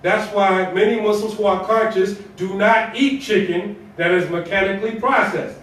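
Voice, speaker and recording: High-voiced imam preaching in echoey hall. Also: male voice, steady tone, normal speed, a bit bright, distant mic. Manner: colloquial, conversational preaching with rhetorical questions and repetition. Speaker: imam giving Friday sermon. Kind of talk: sermon. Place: mosque prayer hall.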